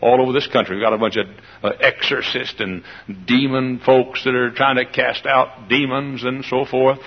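Male preacher, folksy sermon, gravelly husky voice, lo-fi radio sound. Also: mid-range voice, steady tone, normal speed. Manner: folksy, shouts and laughs, leads singing. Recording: dull lo-fi radio recording.

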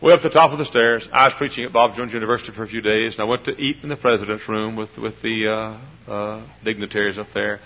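A man preaching a storytelling sermon in a folksy way, dropping to quiet asides and rising to loud emphatic bursts. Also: lowish voice, fairly even intonation, quick pace, few pauses. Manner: folksy, swings from hushed to loud emphatic outbursts. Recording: dull lo-fi sermon recording.

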